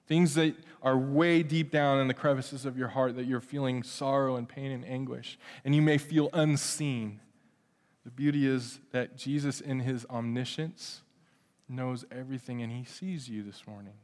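A man preaching a conversational sermon as pastor, swinging between loud emphasis and hushed, tender passages. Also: mid-range voice. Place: church sanctuary. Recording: long hall reverb.

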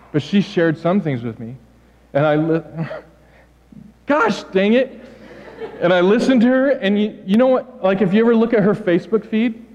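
A middle-aged male pastor gives a lively, joking sermon in a high voice, acting out the lines he quotes. The recording sounds dull and muffled, with a long church-hall reverb trailing every phrase.

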